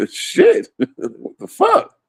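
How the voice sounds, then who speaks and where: A man's voice: extremely high pitch, huge pitch swings, very slow, dry recording. A man ranting casually about politics, swearing a lot and laughing often between points. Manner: profane, rambling, laughs often.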